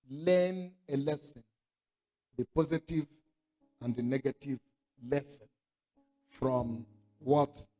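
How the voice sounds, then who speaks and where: Emphatic high-voiced man preaching. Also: dark tone. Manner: emphatic, repeats commands, call-and-response. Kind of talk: sermon.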